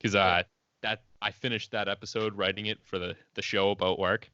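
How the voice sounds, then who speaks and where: A man's voice: lowish voice, flat delivery, fairly quick, bright, forceful tone, smooth, no room sound. A young man co-hosting a casual podcast, laid-back and joking as he starts his story. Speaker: podcast co-host. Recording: dry, dull lo-fi audio.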